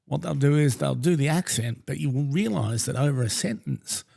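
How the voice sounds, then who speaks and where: A man co-hosting a podcast, speaking in a measured, articulate way with dry humour. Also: fairly high pitch, creaky, warm tone. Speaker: podcast co-host. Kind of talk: casual podcast chat.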